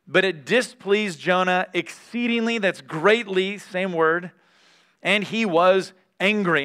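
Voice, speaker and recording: A man's voice: sits high, pushed and bright, clear, resonant tone. A man giving a conversational Bible teaching, reading scripture aloud and stopping to comment candidly. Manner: candid, reads scripture aloud between remarks.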